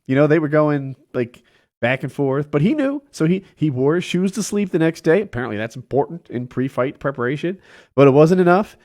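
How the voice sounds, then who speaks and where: Lively rambling male podcast host. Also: a little high, a little fast. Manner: rambling storyteller, lively, laughs often. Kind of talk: casual chat.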